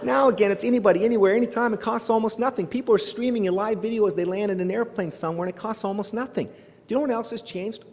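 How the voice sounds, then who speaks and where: Fast-talking joking Canadian keynote man. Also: sits high, slight background noise. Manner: animated, joking, rhetorical questions. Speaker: keynote speaker. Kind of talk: humorous keynote speech. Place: large hall before an audience. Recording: live hall with long reverb.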